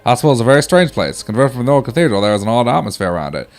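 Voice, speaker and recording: A man's voice: mid-range voice, very animated, rapid-fire, soft background music. A man reading a wounded soldier's letters aloud in an old-timey, put-on British voice. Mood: somber. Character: wounded young male WWI soldier writing letters.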